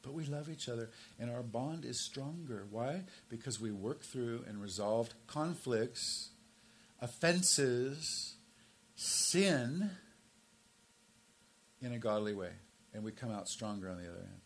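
A man in his sixties preaching a sermon as pastor, swinging from emphatic, raised stresses down to low, quiet asides. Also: takes it slowly. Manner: emphatic, rises to forceful stresses then drops low and quiet.

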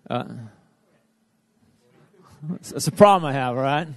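A man's voice: a little high, takes it slowly, pauses often, clean tone, no echo. Male church leader, loose and rambling with fillers, dry close sound. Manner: rambling, filler-heavy, self-interrupting. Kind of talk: casual church announcements.

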